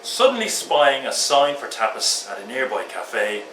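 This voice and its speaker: Lively man reading at an open mic. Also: medium pitch, a little slow. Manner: lively storyteller, with fillers. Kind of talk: chatty preamble and poetry reading. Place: pub function room. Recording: roomy pub from a distant mic with background noise.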